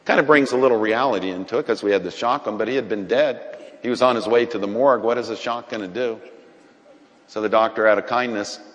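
A man, a doctor, telling a faith story on a talk show, acting out quotes in an animated way. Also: lowish voice, fast talker, long reverb tail. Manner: animated storyteller, acts out quotes, laughs often. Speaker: doctor and guest.

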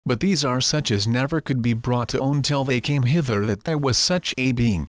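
Guy doing a smooth cold demon tormentor, calm and cruel, dry close sound. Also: mid-range voice, normal speed, no room sound, close to an everyday voice.

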